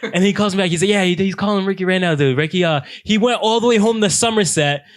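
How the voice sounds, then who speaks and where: A young man on a podcast, telling a workplace story to his friends in a casual, animated way, with "dude" in nearly every line. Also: sits high, fast. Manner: animated, says "dude" constantly, quotes himself and others. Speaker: podcast co-host.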